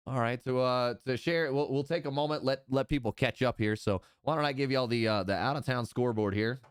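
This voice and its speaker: A man hosting a live-streamed draft, announcing picks in a relaxed, upbeat way. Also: mid-range voice, a little fast, clear, resonant tone, dry recording, clean studio sound. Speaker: draft host.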